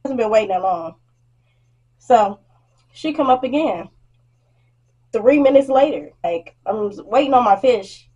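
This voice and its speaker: Husky-voiced young woman ranting. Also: a little high, unhurried, pauses often, highs cut off. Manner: blunt and animated, acts out customers' lines; swears freely. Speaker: vlogger. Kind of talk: storytime rant.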